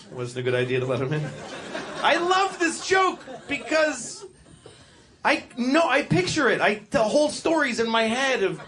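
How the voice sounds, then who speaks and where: A middle-aged man doing a stand-up routine on a comedy club stage, rambling and stopping to restart his thoughts, breaking into voices for the animals in his jokes. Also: high-pitched. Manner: rambling, self-interrupting, acts out animal voices. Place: comedy club stage before a laughing audience. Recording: live stage recording with crowd noise.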